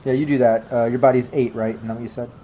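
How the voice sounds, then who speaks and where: A man narrates a tabletop game as its game master in a loose, filler-heavy way. His voice sits at an ordinary middle pitch. A faint hiss runs under the recording. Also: steady tone, quick pace. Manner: casual, many fillers, breaks into gruff shouting voices for NPCs.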